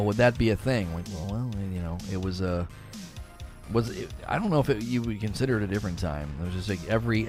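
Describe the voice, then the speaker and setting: Rambling, laugh-prone male streamer. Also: on the low side. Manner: rambling, laughs often, repeats words and phrases. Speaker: livestream host reading viewer chat. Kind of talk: casual livestream chat.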